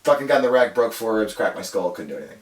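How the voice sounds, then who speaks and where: Male podcast guest, rapid, swearing storyteller, roomy sound. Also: on the low side. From Alaska. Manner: animated, swearing, laughs often. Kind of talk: casual storytelling chat.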